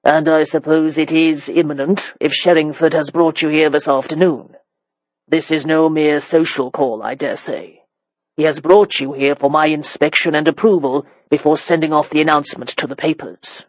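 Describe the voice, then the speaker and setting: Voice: mid-range voice, fairly even intonation, moderate pace, dry recording, highs cut off, natural voice. A reader voicing a blunt, commanding elderly marquis in an audiobook. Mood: gruff. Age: older. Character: gruff elderly male marquis, imperious and sharp-tongued. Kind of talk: audiobook character reading.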